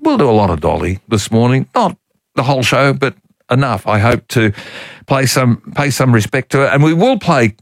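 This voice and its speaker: A man's voice: mid-range voice, sing-song, normal speed, no echo. A male morning radio host speaks into a studio microphone, and the sound is close and dry. He chats in a genial, rambling way, with small chuckles between his anecdotes.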